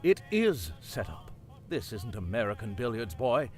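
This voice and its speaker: An actor playing a boastful, condescending older sea captain in a game. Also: male voice, fairly low pitch, very animated, measured pace, darkish tone. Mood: pompous. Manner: pompous, condescending. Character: pompous boastful old male sea captain.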